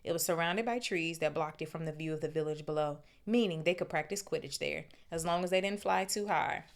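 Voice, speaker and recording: A woman's voice: low voice, brisk. A woman reading a novel aloud for her podcast, breaking off for slangy, casual asides.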